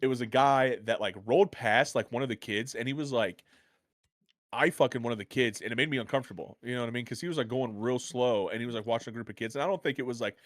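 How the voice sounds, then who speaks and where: Fast-talking, profane American man. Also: mid-range voice, dry recording, studio quality. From United States. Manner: rambling, profane, excitable storyteller. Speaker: podcast co-host. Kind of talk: casual storytelling chat.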